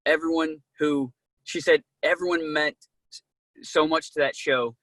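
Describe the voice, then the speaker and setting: A man being interviewed as an actor, telling casual, animated stories and acting out what people said, with many fillers. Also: on the high side, measured pace, dry recording. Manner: animated, acts out quoted dialogue, many "like"s. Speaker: actor guest.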